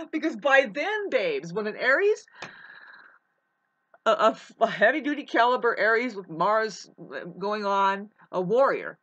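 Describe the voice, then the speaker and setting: Bright-voiced rambling woman on lo-fi audio. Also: medium pitch, expressive, measured pace. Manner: rambling, emphatic, calls listener babe, swears. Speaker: astrology vlogger. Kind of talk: casual astrology monologue. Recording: dull lo-fi sound.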